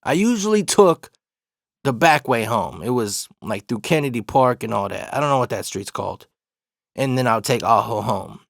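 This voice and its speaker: A man from Arizona casually telling a personal story, profane and slang-heavy, with animated retelling. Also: medium pitch, normal speed, gravelly, no room sound, clean studio sound. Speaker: storyteller host.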